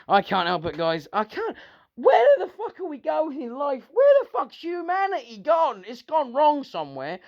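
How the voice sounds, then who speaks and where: A man's voice: extremely high pitch, wildly swooping pitch, moderate pace, gravelly, darkish tone, highs cut off. A British man delivering an angry, sarcastic, profanity-filled rant to his viewers. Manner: sweary, sarcastic, heated. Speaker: vlogger.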